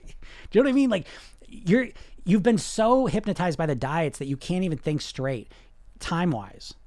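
Man, weight-loss coach, emphatic, conversational, moves between loud bursts and quiet asides. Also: animated, normal speed, pauses often, no echo, clean studio sound. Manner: emphatic, conversational, keeps asking "you know"; swings from loud and high to low and quiet. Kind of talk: casual motivational talk.

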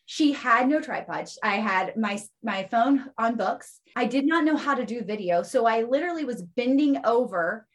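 A woman guest in a casual podcast interview, telling stories in an animated way and often tagging her points with "right?". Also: a little high, moderate pace, few pauses.

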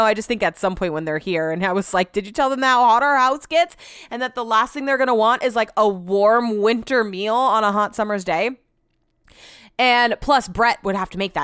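Chatty young woman, smooth dry voice. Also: a little high, no room sound. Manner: chatty, animated, quotes herself and others; laughs while telling the story. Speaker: podcast host. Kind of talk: casual storytelling chat.

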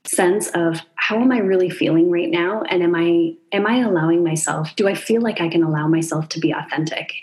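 A woman's voice: on the low side, a little mellow. A woman in her forties, a chiropractor co-hosting a podcast, talking reflectively and thinking aloud. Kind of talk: conversational podcast chat.

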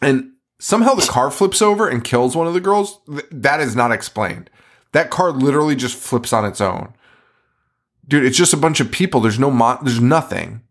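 A man's voice: medium pitch, animated, normal speed. A man hosting a podcast, recapping a movie in casual chat, swearing often and laughing in disbelief. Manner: profane, laughing, incredulous storytelling. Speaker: podcast host.

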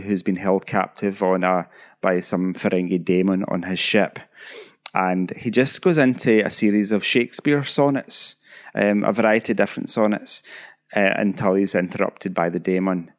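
Rambling low-voiced man hosting a podcast. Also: steady tone, normal speed. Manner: rambling, self-deprecating. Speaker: podcast co-host. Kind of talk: casual chat.

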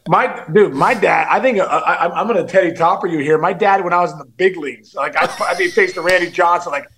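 Male ex-ballplayer co-host, high gravelly voice, emphatic banter. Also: fast talker, fairly bright tone, slight background noise. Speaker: podcast co-host, former pro baseball player. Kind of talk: casual sports chat.

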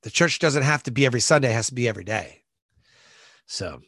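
A man guest on a podcast, telling a personal story in an animated way and acting out the voices of people in it. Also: medium pitch, quick pace, no room sound. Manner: animated, acts out voices in his stories, many fillers like "like".

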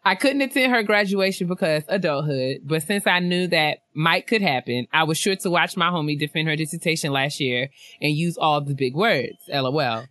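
This is a woman co-hosting a relaxed chat podcast, reading shout-outs from listeners. Her voice is bright and forward, it leaps up in pitch whenever she gets tickled, and she laughs often. The sound is dry and close, with no room around it. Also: normal speed, few pauses, dry recording. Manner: animated and laughing, big pitch jumps when excited. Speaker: podcast co-host.

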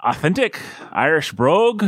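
A man's voice: moderate pace, no echo, clean studio sound. A man hosting a casual podcast, joking and laughing often. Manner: jokey, animated, big pitch swings, laughs often. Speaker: podcast host. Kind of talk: casual chat.

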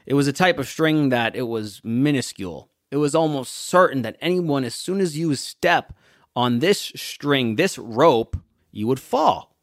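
A young adult man hosts a motivational podcast, preaching and telling stories with emphasis. He slows down to lean on key words. His mid-range voice sits dry and close to the mic. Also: mid-range voice, lively intonation, no echo. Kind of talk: motivational talk with storytelling.

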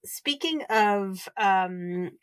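A woman co-hosting a podcast, asking her guest questions in a measured, deliberate way during a casual chat. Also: medium pitch, lively intonation, fairly bright tone. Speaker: podcast co-host.

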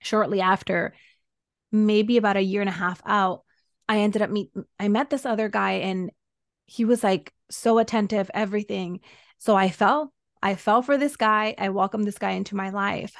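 A woman's voice: medium pitch, fairly even intonation, moderate pace, vocal fry, dry recording, clean studio sound. A woman coach, a guest on a podcast, recounting a painful stretch of her life in an earnest, emotional way. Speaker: guest, women's soul embodiment coach. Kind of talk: personal storytelling in a podcast interview.

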